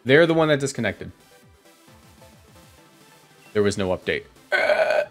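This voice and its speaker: A man giving casual, chatty commentary on his own competitive matches from a home streaming setup, often correcting himself and reacting out loud. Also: fairly low pitch, animated, a little slow, pauses often, soft background music.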